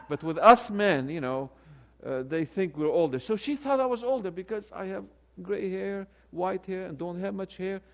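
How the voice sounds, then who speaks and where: A man in his sixties, a theology professor, telling a story in a sermon with animated delivery and frequent restarts. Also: sits high, moderate pace, gravelly, few pauses. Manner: animated, with many restarts and repeated words.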